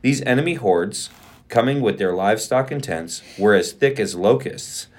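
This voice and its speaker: A man co-hosting a podcast, reading scripture aloud at a steady, plain pace. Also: on the low side, normal speed.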